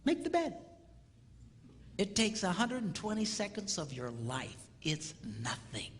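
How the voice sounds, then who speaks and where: A man giving a comedic marriage seminar on stage in a large hall, playful and animated, acting out little quotes and sound effects. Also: sits high, measured pace. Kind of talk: comedic live seminar talk. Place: large hall with live audience.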